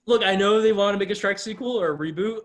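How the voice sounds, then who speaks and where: A young man co-hosting a podcast, chatting casually in a blunt, animated way and swearing a lot. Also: high-pitched, fast talker. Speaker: podcast co-host. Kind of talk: casual chat.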